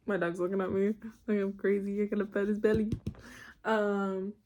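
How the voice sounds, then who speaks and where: A woman's voice: medium pitch, a little mellow, a little hiss or hum. Rambling young woman ranting in her room. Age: young adult. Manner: rambling, self-interrupting, laughs often. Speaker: vlogger. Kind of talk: casual rambling rant. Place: her bedroom.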